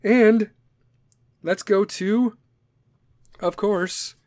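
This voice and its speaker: Brash podcast host, slightly high voice, cursing freely, dry close sound. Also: male voice, extremely slow, a little mellow, dry recording. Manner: brash and profane, joking. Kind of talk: casual podcast monologue.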